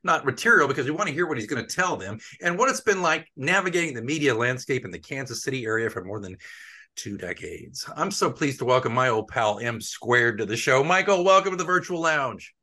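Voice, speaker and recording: A man's voice: medium pitch, lively intonation, brisk, pushed and bright. A middle-aged man hosting an interview podcast, chatty and joking with an old friend. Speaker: podcast host. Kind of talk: casual interview chat.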